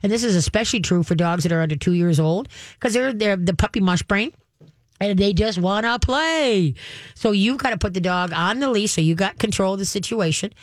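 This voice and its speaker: Radio host, woman, folksy and talkative, medium pitch, dry close sound. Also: animated, brisk, no room sound. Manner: folksy, chatty, acts out voices. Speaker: radio show host, dog trainer. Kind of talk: casual call-in radio advice.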